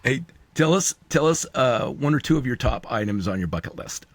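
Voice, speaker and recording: A man's voice: mid-range voice, lively intonation, brisk. A man co-hosting a podcast, laid-back and joking, mostly chiming in with short remarks. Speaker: podcast co-host. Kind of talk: casual chat.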